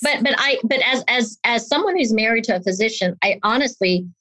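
A woman's voice: a little high, a little fast, no room sound. A woman in her fifties, an interview guest, telling a personal story animatedly and acting out the voices of the people in it. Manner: animated storyteller who acts out quoted voices. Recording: dull lo-fi dry sound.

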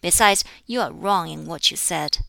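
A woman reading an audiobook of a classic text aloud in a measured, deliberate way, keeping the dialogue close to her own voice. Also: on the low side, vocal fry, bright, forceful tone, no room sound. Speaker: audiobook reader. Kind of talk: scripted narration of a classic text.

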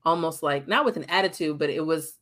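A young adult woman with a low-pitched, a bit bright voice speaks a little fast as a podcast co-host. In casual, candid chat she swears freely and acts out what people said.

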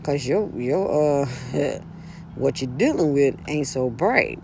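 A woman's voice: very deep voice, animated, slow, vocal fry, darkish tone, a little hiss or hum. A woman vlogger ranting bluntly and profanely outdoors in a breeze, hammering her points with repetition. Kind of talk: casual ranting monologue.

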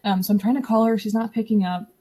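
A young woman with a soft, breathy voice and a mellow tone tells a personal story on a podcast. She talks casually and with animation, slipping into the voices of the people she quotes. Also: fairly high pitch, quick pace. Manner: animated, acts out quoted dialogue. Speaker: podcast guest.

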